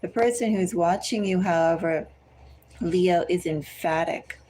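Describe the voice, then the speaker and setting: A woman giving a collective tarot reading, speaking slowly and deliberately and repeatedly addressing the listener by star sign. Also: on the low side, a little mellow, rough recording. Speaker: tarot reader.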